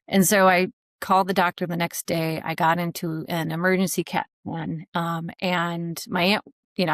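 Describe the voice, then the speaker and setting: A woman's voice: on the low side, no echo, studio quality. A woman guest on a podcast, telling a personal story candidly, with a joking streak and many "you know" fillers.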